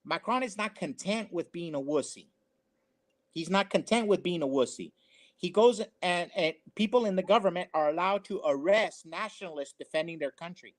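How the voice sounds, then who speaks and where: Man co-host, high-pitched, preachy and emphatic, opinion-show commentary. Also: lively intonation, normal speed. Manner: emphatic, preachy, repeats phrases.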